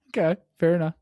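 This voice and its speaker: A man's voice: on the high side, warm tone, no room sound. A man hosting a podcast interview, asking questions in a teasing, playful way. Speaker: podcast host. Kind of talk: casual interview.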